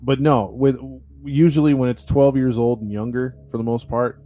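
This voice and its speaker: A man's voice: medium pitch, steady tone, normal speed, mellow. A man, a podcast host, telling a true-crime story in a casual, chatty way, with lots of fillers and restarts. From United States.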